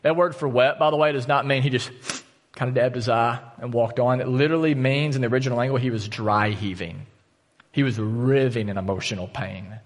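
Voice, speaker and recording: A man's voice: mid-range voice, brisk. A man preaching a sermon as pastor, earnest and direct with his congregation. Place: church auditorium. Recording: long church hall reverb.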